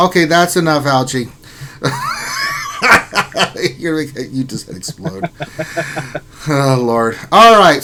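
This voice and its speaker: A man's voice: fairly high pitch, a bit bright, a little hiss or hum. A man hosting a casual gaming livestream, reading viewers' names aloud in an upbeat, jokey way. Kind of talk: casual live-stream chat.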